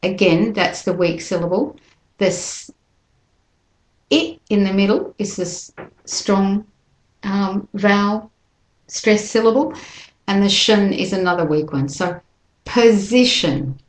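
A woman leads a pronunciation lesson, taking her time and saying each word deliberately so listeners can repeat after her. Her voice sits at an ordinary middle pitch, and the room around her gives back a noticeable echo. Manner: slow, careful modelling of words for repetition. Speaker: pronunciation teacher. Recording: echoey room.

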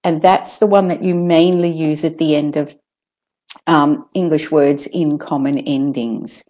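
Australian woman teaching pronunciation, slow and careful, low-ish warm voice. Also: fairly even intonation. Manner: slow, deliberate, models words repeatedly for copying. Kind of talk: pronunciation lesson.

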